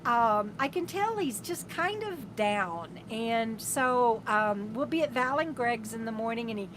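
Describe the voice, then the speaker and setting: A woman's voice: a little high, animated, measured pace, background noise. A woman hosts a casual RV live stream from inside her camper, reading viewer comments aloud in an affectionate, rambling way with many restarts. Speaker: RV travel vlogger, host of a live stream.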